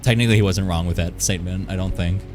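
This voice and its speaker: A man's voice: low voice, steady tone, quick pace, music in the background. A man streaming live, chatting playfully with his viewers and rambling while he draws. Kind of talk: casual live-stream chat while drawing.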